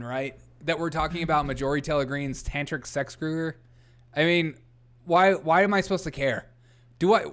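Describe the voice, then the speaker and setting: Young man, livestream host, political commentary, casual and chatty, reads headlines, slightly high voice, smooth clear tone. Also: a bit bright. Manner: chatty, reads headlines aloud, laughs often, greets chat viewers.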